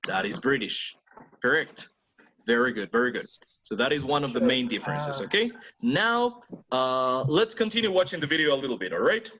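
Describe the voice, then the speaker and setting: Lively bilingual English teacher. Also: male voice, medium pitch, normal speed, dull audio, slight background noise. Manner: switches between English and Spanish, drills students with repeated words. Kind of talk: online class teaching pronunciation.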